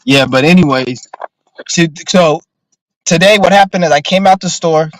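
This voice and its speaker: A man's voice: a little high, normal speed, rough recording. A man ranting casually on a livestream, profane and rambling with lots of filler words. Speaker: streamer.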